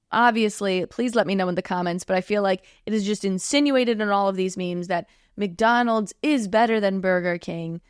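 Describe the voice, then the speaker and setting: A woman's voice: mid-range voice, clean tone, no room sound, studio quality. Chatty woman hosting a commentary show. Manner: chatty and sarcastic, laughs often. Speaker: host of a political commentary show. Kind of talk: casual commentary.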